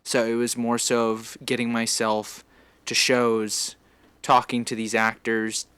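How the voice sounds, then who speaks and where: A male podcast host explaining his project in an earnest, halting way during a casual interview. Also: medium pitch, completely flat delivery, fairly bright tone, clear, resonant tone, no room sound.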